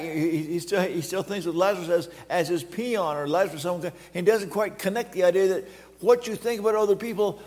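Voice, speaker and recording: An older man preaching a sermon, halting and repeating words, then quoting scripture with drama. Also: sits high, darkish tone. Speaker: pastor. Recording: long reverb of a hall.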